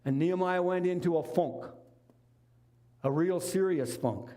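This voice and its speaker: A man's voice: sits high, a little slow, mellow. A middle-aged man preaching a sermon, retelling a Bible story in a conversational, folksy way with casual asides. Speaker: lay preacher.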